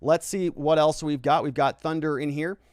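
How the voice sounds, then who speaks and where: A man with a slightly higher voice hosts a laid-back legal talk stream, answering viewer chat off the cuff. He keeps tagging his points with "right?" and restarts sentences as he thinks aloud. The sound is dry and close to the mic, with no room echo. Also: fairly even intonation, normal speed, darkish tone. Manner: conversational, frequent "right?" tags and restarts. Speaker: lawyer and legal commentary host. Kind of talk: casual livestream commentary reading viewer chat.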